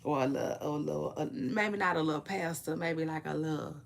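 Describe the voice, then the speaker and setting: A woman hosting a casual celebrity gossip vlog, chatting to her viewers in a playful, drawn-out way with frequent asides. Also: deep voice, gravelly, a little hiss or hum. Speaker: vlog host.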